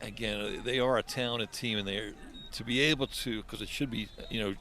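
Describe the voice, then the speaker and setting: A man giving chatty, rambling color commentary on a high school football game. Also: fairly even intonation, moderate pace, pushed and bright.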